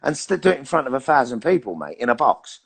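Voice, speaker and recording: London actor, middle-aged man, gravelly voice, swears freely, animated storyteller in an interview. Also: medium pitch, fast. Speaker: actor and guest.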